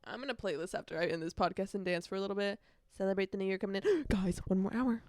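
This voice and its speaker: A woman's voice: medium pitch, quick pace, a little mellow, dry recording. Chatty young woman, dry close sound. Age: young adult. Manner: chatty, rambling, bursts into snatches of song. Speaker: podcast host. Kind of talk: casual solo podcast chat. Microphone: earbuds.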